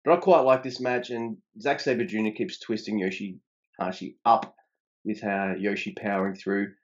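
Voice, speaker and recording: A podcast co-host reviews wrestling in casual, profane chat, swearing at a moderate pace. He's animated, and his pitch jumps up whenever he gets emphatic. The sound is dull and lo-fi.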